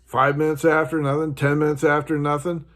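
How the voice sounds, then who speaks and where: Male vlog host, high-pitched, frustrated casual rant straight to camera. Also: flat delivery, fairly quick, fairly bright tone. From United States. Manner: frustrated, ranting, mimics others in a higher voice.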